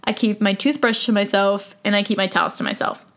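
A woman's voice: medium pitch, fairly even intonation, fairly quick, fairly bright tone. A woman in her twenties hosting a solo podcast, talking frankly and casually, joking and laughing often. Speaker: podcast host.

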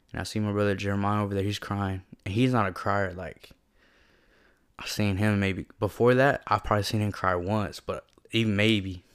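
A young man with a lowish, clean-toned voice shares a personal, reflective story. He talks casually and in slang, leaning on "like" constantly, and comes across earnest and emotional.

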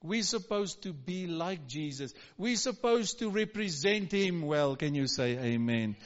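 A high-pitched middle-aged man preaching slowly and deliberately, pressing the crowd with calls for a response. His sermon rings through a church hall with a long reverb, and the recording sounds muffled and dull. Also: expressive. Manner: emphatic call-and-response preaching. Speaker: pastor.

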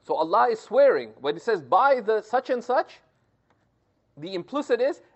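A man gives a scripture commentary lesson in an explanatory, step-by-step way, often pausing to check in with his listeners. His delivery is animated, with his pitch rising and falling widely. The recording sounds dull and lo-fi. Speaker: religious teacher.

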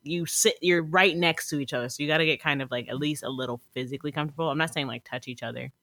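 A woman's voice: low-pitched, fast talker, fairly bright tone, dry recording. A woman co-hosting a podcast in casual chat, talking loosely with lots of "like" and frequent laughs. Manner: laughs often, chatty with lots of "like". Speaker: podcast co-host.

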